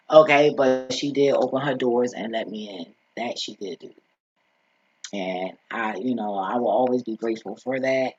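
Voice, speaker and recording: At a measured pace with frequent pauses, the vlogger speaks in a medium-pitched, fairly bright, slightly rough voice with no room sound. His dull lo-fi story rambles through asides, blunt and profane, with "you feel me" coming up again and again.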